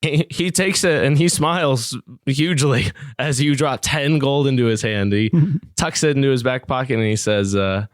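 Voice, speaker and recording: A man's voice: mid-range voice, normal speed, no echo, studio quality. A man running a tabletop game as game master, narrating the scene with a playful manner. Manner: laughs between lines, playful narration.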